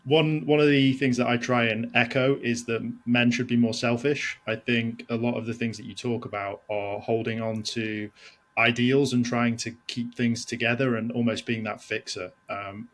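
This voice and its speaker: A man's voice: mid-range voice, flat delivery, normal speed. Thoughtful male podcast host. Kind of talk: conversational interview hosting.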